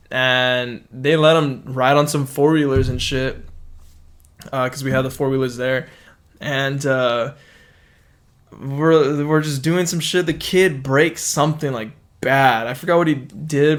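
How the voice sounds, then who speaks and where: Young male podcast host, loose and profane, storyteller who voices quotes. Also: mid-range voice. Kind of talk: casual chat.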